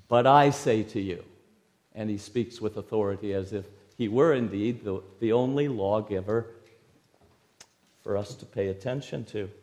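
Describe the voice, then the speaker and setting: A man with a mid-range voice preaches an expository sermon verse by verse. His emphatic delivery swings from loud stresses to sudden quiet drops.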